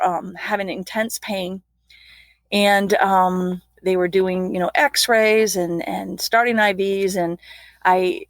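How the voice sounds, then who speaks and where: A woman's voice: medium pitch, no echo. Earnest woman telling her story, dry sound. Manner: earnest, vivid retelling with laughs and restarts. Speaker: guest, flight nurse. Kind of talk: personal storytelling interview.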